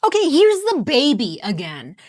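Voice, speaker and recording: A woman's voice: high voice, huge pitch swings, normal speed. A woman hosting a true crime reaction show, talking through a clip and reading out search results with incredulous questions.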